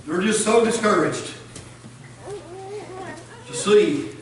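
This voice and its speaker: A man preaching a fervent Baptist sermon in a folksy way, his voice rising into shouted preaching. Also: high-pitched, animated, slow. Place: church sanctuary. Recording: echoey church, distant mic. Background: congregation responding.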